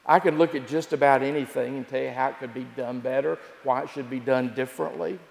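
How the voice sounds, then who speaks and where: A man preaching a sermon as pastor, telling the story with repeated phrases and dramatic pauses. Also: mid-range voice, steady tone, vocal fry, darkish tone. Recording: echoey hall with long reverb.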